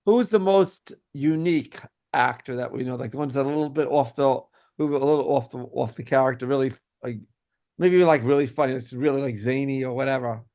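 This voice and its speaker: Male host, gravelly tone, easygoing interviewer who laughs along. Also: mid-range voice, brisk, darkish tone. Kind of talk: casual interview.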